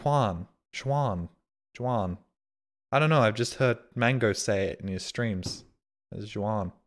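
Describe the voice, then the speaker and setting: A man's voice: lowish voice, moderate pace. A man streaming live, reading out viewer donations and messages in casual, self-mocking, sarcastic banter.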